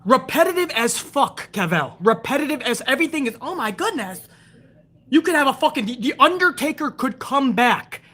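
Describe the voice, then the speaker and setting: A woman's voice: high voice, very animated, normal speed, fairly bright tone, slightly rough. A woman hosting a show, ranting hard with profanity about wrestling and answering viewers in a live chat. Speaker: show host.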